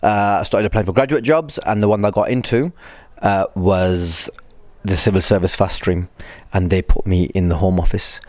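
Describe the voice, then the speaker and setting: A man talks casually as an interview guest, fairly low-voiced and wry, with self-deprecating asides. His voice is recorded close and dry. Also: normal speed, darkish tone, no room sound. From Blackburn, northern England. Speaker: comedian guest. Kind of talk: casual chat.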